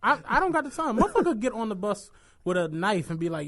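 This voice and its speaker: A young man talks on a podcast, his voice pitched high for a man and swinging widely as he tells stories. He acts out the lines of people in his stories and swears freely. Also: brisk. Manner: animated storytelling, acts out quotes, swears freely. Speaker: podcast co-host. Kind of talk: casual chat.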